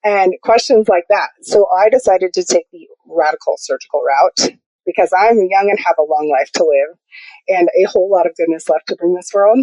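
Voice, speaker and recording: A young woman speaks candidly and quickly as she tells her own story, jumping in pitch when she acts out what others said. Her voice is low and mellow, and the recording is dry and close. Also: no room sound, low-quality recording. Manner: animated, quick storyteller acting out quotes. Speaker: guest.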